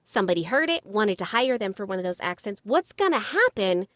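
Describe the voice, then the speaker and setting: A woman co-hosting a casual podcast, thoughtfully reasoning through a point out loud. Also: mid-range voice, big pitch swings, a little fast, no echo, studio quality. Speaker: podcast co-host.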